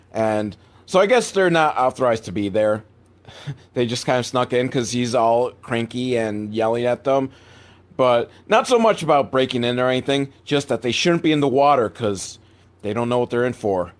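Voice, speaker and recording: A man hosting a casual movie recap, rambling and cursing freely, often laughing at the film's sloppy filmmaking. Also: medium pitch. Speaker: movie reviewer host.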